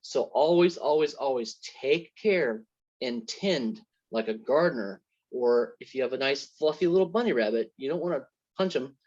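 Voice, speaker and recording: A man's voice: mid-range voice, expressive, normal speed, a little mellow. A man giving an earnest, faith-centred testimony as an interview guest, telling parables to make his points. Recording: dull lo-fi sound.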